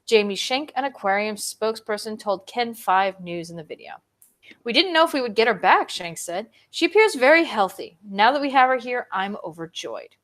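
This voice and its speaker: A woman co-host reading a news story aloud to a casual online show, animated, her pitch swinging up and down. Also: normal speed.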